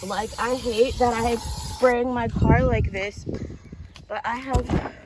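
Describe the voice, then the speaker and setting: Slow-talking exasperated young woman vlogger. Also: fairly high pitch, heavy background noise. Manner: expressive, exasperated, addresses viewers as y'all. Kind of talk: casual vlog talk to camera. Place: in and around her car. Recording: background music under voice.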